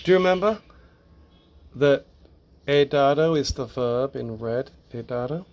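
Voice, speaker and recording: A man's voice: medium pitch, a little slow, a little mellow. A man teaching Spanish grammar in a recorded lesson, explaining patiently step by step with the occasional small laugh.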